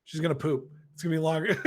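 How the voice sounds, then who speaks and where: A man's voice: on the high side, fairly bright tone. A man chatting on a game stream, teasing his friends and laughing as he talks. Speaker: game-night guest player. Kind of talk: casual chat among friends.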